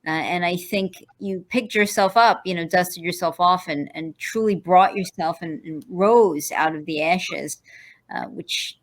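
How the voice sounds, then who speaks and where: Woman podcast host, lower register, thoughtful and encouraging interviewer. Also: unhurried. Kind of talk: casual interview conversation.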